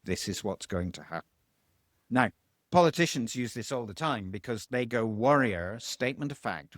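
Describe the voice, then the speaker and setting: A man's voice: lively intonation, normal speed, no echo, clean studio sound. Man coaching on voice. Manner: demonstrates vocal tones, swinging high and low. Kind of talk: explanatory interview talk.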